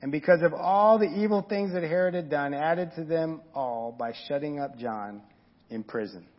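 Man, preacher, casual earnest sermon, husky voice, dull lo-fi audio. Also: fairly high pitch, normal speed. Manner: informal, earnest, talks directly to the congregation. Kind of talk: conversational sermon.

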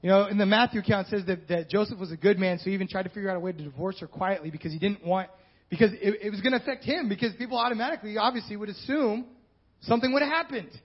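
A man's voice: high-pitched, racing, husky. A male pastor preaching a sermon in a conversational style with joking asides. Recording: dull lo-fi sound.

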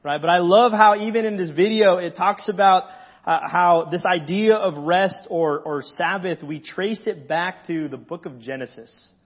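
A pastor preaching a sermon in a conversational way, often checking in with the congregation. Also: male voice, high-pitched, normal speed, few pauses, breathy edge, lo-fi sound. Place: church sanctuary.

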